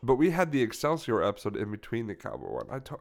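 A man's voice: medium pitch, wildly swooping pitch, quick pace, creaky. A young man hosting a podcast in casual, joking chat, rambling and playful. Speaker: podcast host.

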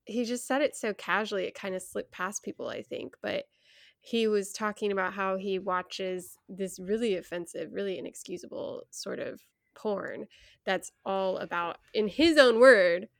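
Gravelly-voiced woman in frank podcast chat. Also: medium pitch, moderate pace, dry recording, clean studio sound. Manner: earnest, frank, laughs often. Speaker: podcast co-host. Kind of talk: casual chat.

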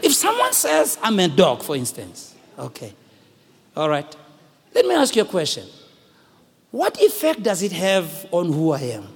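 South African man preaching in a reverberant church hall, high lively voice with a gravelly edge, playful and fervent. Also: unhurried. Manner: animated, shouts at peaks, joking with the congregation. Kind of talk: sermon. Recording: long echoing hall reverb.

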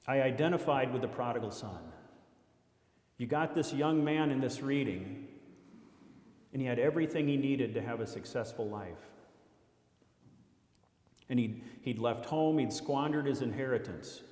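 A man's voice: medium pitch, a little mellow. A man from Iowa sharing his faith testimony with a congregation, telling his story earnestly with self-deprecating humor. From Iowa, USA. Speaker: lay speaker giving a testimony. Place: church hall. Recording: echoey hall with long reverb.

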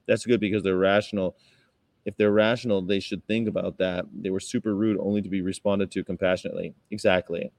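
This Chicago-based vegan activist rambles through a livestream in a darkish, level voice that moves a little fast, laughing a lot and reading things out. For quoted politeness he slips into a mock-sweet high tone. The studio-quality audio has no room sound.

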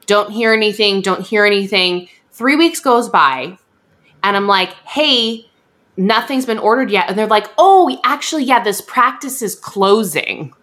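A young woman hosting a podcast, telling a story in a chatty, animated way and acting out what others said. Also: medium pitch, measured pace. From USA. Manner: chatty, animated, acts out quoted voices. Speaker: podcast host. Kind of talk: casual storytelling chat.

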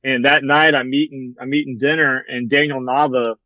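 A young man, a former bat boy, telling a story in casual chat, with lots of fillers and a relaxed manner. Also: medium pitch, moderate pace, no room sound, lo-fi sound. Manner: relaxed, rambling, many fillers like "like" and "you know".

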